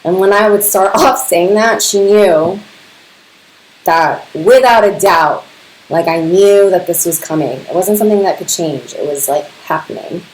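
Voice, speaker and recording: With a fairly low, darkish voice and a measured pace, a woman from a Serbian family hosts a podcast and tells casual personal stories. Her chatter is full of laughter and the word "like", and the room echoes.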